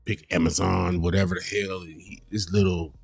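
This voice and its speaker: A low-voiced man hosts a livestream and reacts to clips in a casual, profane rant. His delivery is animated and heated. The sound is close and dry, with faint music underneath. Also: fairly quick, gravelly, husky, no echo.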